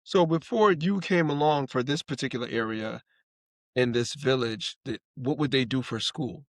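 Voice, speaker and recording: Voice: medium pitch, normal speed, no room sound. A podcast host asking questions and giving short reactions. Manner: brief backchannel reactions. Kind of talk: interviewer with short replies.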